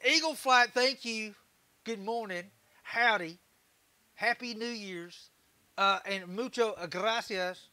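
A Texan man hosts his woodworking livestream in a loose, laid-back chat, laughing easily and tossing in casual swears. His voice sits high for a man and rings bright and forward. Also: slow. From Texas. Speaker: livestream host, woodturner.

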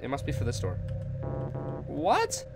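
A man's voice: medium pitch, huge pitch swings, measured pace, creaky. A man doing horror game commentary, animatedly bossing around his drone and shrieking when scared. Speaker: gaming YouTuber. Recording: music playing behind voice. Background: game music.

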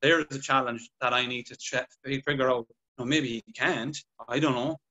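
A man chatting on a podcast, telling patient stories with lively acted-out dialogue. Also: mid-range voice, normal speed, muffled recording. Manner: animated storytelling, acts out patient dialogue. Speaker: podcast guest clinician. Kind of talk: casual podcast chat.

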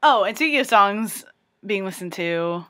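A young woman chatting casually in a vlog, excitable and full of "like". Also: medium pitch, moderate pace. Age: young adult. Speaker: vlogger.

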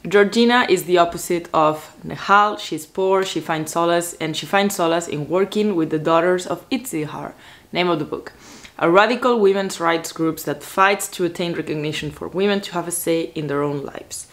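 A woman vlogger chatting casually about books to a camera at home, excitable and full of "like" fillers. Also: on the low side, moderate pace. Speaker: book vlogger. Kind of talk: casual book chat to camera.

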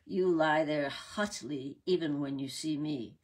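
An arrogant young male god from a storybook myth, demanding and haughty, voiced by a woman reader. The voice sits low and husky, unhurried. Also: darkish tone. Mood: indignant. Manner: haughty, indignant.

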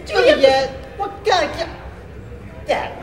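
A woman's voice: high-pitched, takes it slowly, slight background noise. A woman playing a blustering old father in an improv skit, drawling and rambling. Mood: scolding. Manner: rambling, drawled, breaks character. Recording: echoey hall with crowd.

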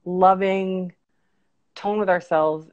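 A woman's voice: fairly low pitch, fairly even intonation, takes it slowly, darkish tone, highs cut off. A woman life coach talking candidly and reflectively about feelings in a casual video call interview. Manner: reflective and candid, talks things through with many "like"s. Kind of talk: casual conversation on a livestream interview.

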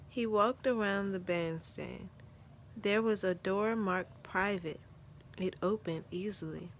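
Woman narrator for a children's book read-aloud, unhurried, mid pitch, gentle and measured. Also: slight background noise. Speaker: storybook narrator.

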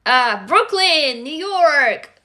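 Russian-born woman host, casual live chat, swears a lot, bright tone. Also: high-pitched, very slow. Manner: energetic, swears freely, greets viewers. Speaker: livestream host.

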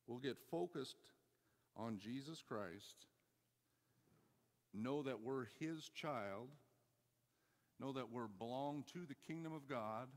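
A man preaching a sermon, telling a story and urging his church, moving between loud calls and quiet asides. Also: mid-range voice, in a large hall. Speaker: pastor. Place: church hall.

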